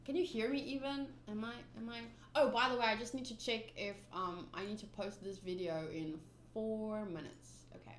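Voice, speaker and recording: A woman's voice: medium pitch, fairly even intonation, moderate pace, few pauses, a little hiss or hum. A woman casually reading through a manga aloud and commenting between panels in a chatty, gushing way. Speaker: manga reader and channel host. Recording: roomy room echo.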